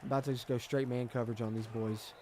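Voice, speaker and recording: Excitable man streaming gameplay. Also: medium pitch, quick pace, crowd noise. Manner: excitable, swings between frustration and hype, Southern slang. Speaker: gaming streamer. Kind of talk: live gameplay commentary and chat.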